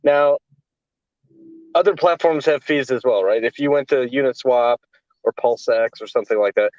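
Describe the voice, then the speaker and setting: A man's voice: medium pitch, moderate pace, a little mellow, no echo. A man answers questions about a protocol in a confident, matter-of-fact manner. His voice comes over a dull, lo-fi remote call. It sounds dry, with no room around it. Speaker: guest explaining a lending protocol. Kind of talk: explanatory interview answer.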